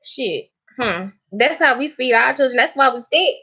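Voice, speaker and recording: A woman's voice: high-pitched, lively intonation, normal speed, sharp tone, husky. A young woman with a Southern US accent hosts a cooking channel, chatting on a live stream in a playful, emphatic way and laughing often. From Southern United States. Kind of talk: casual live-stream chat. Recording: dull lo-fi live-stream audio.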